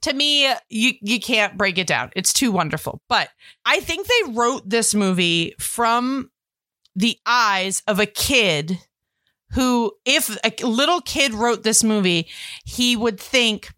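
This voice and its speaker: Bright-voiced chatty woman podcaster. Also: on the high side, slow, no room sound, clean studio sound. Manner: animated, gushing retelling with laughs. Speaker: podcast co-host. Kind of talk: casual movie podcast chat.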